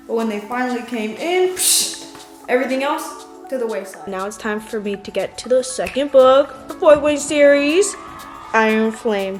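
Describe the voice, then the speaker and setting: A young woman with a high voice reacts to her reading in a casual vlog, dramatic and quick to swear. Her voice rings in a roomy space. Music plays underneath. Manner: dramatic, expressive, swears freely. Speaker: book vlogger. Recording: roomy echo with background music.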